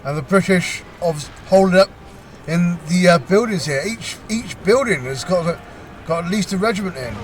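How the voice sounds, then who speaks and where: A man casually commentating a video game battle, talking haltingly with frequent pauses and restarts and a lightly amused tone. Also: high voice, animated, a little hiss or hum. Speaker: gameplay commentator.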